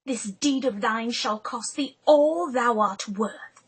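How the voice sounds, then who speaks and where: A woman voicing a small, fierce female sparrow with sharp high cries and cold taunts, in a breathy storybook reading. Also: takes it slowly, exaggerated voice. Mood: vengeful.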